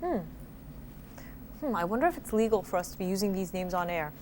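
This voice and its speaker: A woman's voice: medium pitch, animated, a little fast, a little mellow, slight background noise. A woman co-hosting a quiz show, chatting with contestants and moving the rounds along in an upbeat, teasing way.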